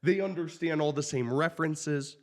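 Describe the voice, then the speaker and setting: A man's voice: fairly high pitch, moderate pace. A man in his thirties hosting a podcast, joking and teasing in casual banter. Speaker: podcast host. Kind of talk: casual chat.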